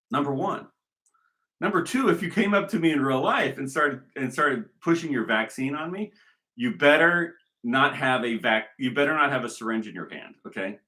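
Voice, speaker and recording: A man holds forth in a rambling monologue, often circling back and repeating himself. His voice is bright and forceful. His pitch swings widely as he argues his point. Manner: emphatic, repetitive, argumentative. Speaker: commentator.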